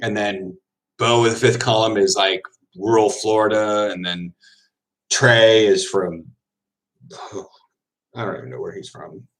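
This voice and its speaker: Answering comments from viewers during a livestream, a man who plays football talks in a voice on the low side. His relaxed rambling is dotted with quick asides and frequent laughter.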